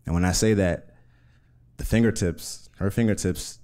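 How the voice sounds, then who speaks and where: A man telling a personal story on stage in an earnest, measured way, in vivid present tense. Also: low-pitched, dark tone. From Uganda.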